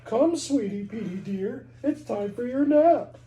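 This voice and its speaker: A man's voice: extremely high pitch, lively intonation, measured pace, dark tone, roomy sound, recorded from a distance, slight background noise, pitched above the performer's own voice. A man doing a fussy sing-song old lady. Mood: sweet. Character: fussy older lady calling her cat.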